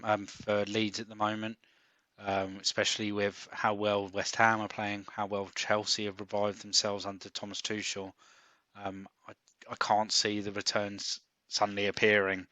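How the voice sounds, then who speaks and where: Bright-voiced man co-hosting casually. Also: fairly low pitch, dry recording. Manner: hesitant, many ums and restarts. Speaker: podcast co-host. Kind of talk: casual chat about fantasy football.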